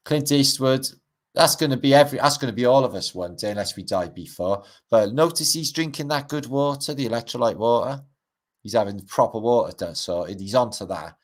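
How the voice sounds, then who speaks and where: This livestream host is a middle-aged man from Wales who talks briskly in a lowish voice with lively intonation. He chats loosely over pictures, tossing in dry remarks and the odd swear word.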